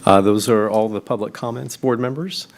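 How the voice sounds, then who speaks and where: A man with a fairly low voice chairs a board meeting. He moves through motions and votes in a steady, procedural manner, with an occasional "uh". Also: moderate pace. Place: public meeting chamber.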